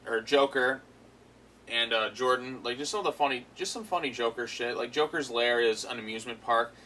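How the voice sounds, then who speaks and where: A man's voice: medium pitch, fairly quick, sharp tone, a little hiss or hum, low-quality recording. A man giving a casual, rambling review of a cartoon episode, full of fillers and amused asides.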